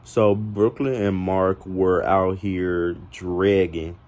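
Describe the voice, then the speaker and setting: A man's voice: deep voice, fairly even intonation, slow, darkish tone. A man telling gossip in a drawling, profane confessional as a player in a fan-made reality game roleplay. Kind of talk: confessional storytelling.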